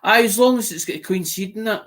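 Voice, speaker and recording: A man's voice: sits high, fast, a bit bright, pitched above the performer's own voice. A man with a Scottish accent, putting on the voice of his plain-spoken older father, a trader. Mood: matter-of-fact.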